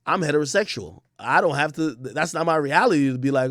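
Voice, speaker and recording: A man hosting a livestream in casual, blunt commentary, swearing freely and hammering his points home. His voice sits fairly high for a man, and it comes through dry and close on the mic. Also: very animated, fast talker, hardly any pauses, a bit bright, dry recording. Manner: blunt, profane, emphatic, repeats himself. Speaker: livestream host.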